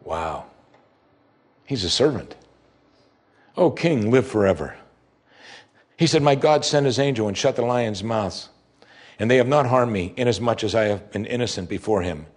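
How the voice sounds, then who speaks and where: Husky-voiced man preaching a sermon. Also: fairly low pitch, lively intonation, moderate pace. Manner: reads scripture aloud and comments with rising emphasis. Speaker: pastor.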